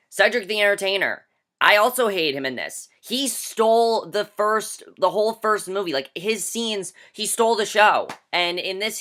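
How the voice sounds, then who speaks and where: A young man delivers a casual movie review as an emphatic rant. His voice is bright and edged. He repeats himself for emphasis and leans on "like" as a filler. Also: on the high side. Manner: emphatic and exasperated, heavy use of "like".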